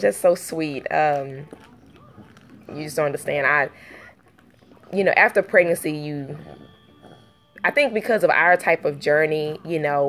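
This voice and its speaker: Young woman, mother, low voice, casual vlog chat, rambling, lots of fillers, earnest, emotional. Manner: rambling, with many fillers and restarts. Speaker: vlogger and mother.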